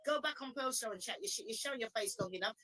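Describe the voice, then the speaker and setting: A woman calling into a livestream, forceful and indignant as she repeats her points in a heated rant. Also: fairly high pitch, lively intonation, racing, rough recording. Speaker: livestream guest.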